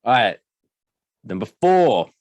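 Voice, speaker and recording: Brief: playful man hosting a casual quiz chat, lively delivery, dry room. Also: medium pitch, takes it slowly, no room sound. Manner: lively, does playful put-on accents when reading quotes. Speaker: podcast co-host running a quiz.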